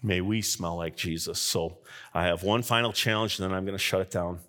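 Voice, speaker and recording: A middle-aged man preaching a sermon as pastor, his voice rising sharply at points of emphasis, with frequent chuckles mid-sentence. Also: a little fast. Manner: animated, with sudden rises in pitch and loudness.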